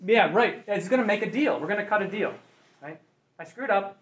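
A man's voice: high voice, lively intonation, fairly quick, a bit bright. A man leading a Bible study group, teaching conversationally and asking the class questions.

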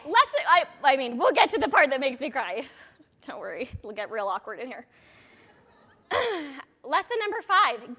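A woman's voice: sits high, pushed and bright. A woman in her thirties coaching a direct sales audience in a chatty motivational talk, with rambling, self-deprecating asides.

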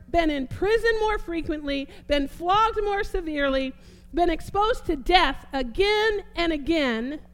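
A woman preaching a sermon, fervent, repeating phrases and swinging between soft and emphatic delivery. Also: very high voice.

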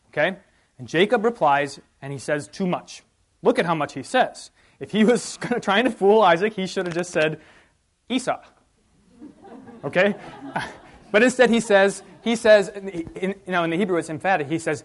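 Man leading a lively Bible class. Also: a little high, moderate pace. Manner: conversational, asks the class questions, reads passages aloud with emphasis. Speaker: Bible study teacher.

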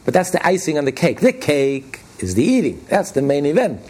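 A man's voice: fairly high pitch, big pitch swings, a little fast, a little mellow, slightly rough. A man giving a spoken religious lesson as a rabbi. He tells stories in a plainspoken, conversational way and repeats key phrases emphatically, his voice rising on each point. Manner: plainspoken, conversational storyteller with restarts. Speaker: rabbi teaching a Torah class.

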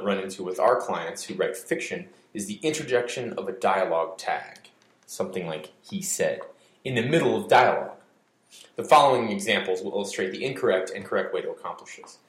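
A man's voice: on the low side, roomy sound. A man hosting a podcast for an editing service, reading a scripted explainer with wry, mock-dramatic touches.

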